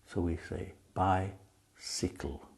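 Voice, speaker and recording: Slow, gravelly-voiced male teacher. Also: low voice, a little mellow. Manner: patient, drawn-out sound demonstrations. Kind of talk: spelling lesson.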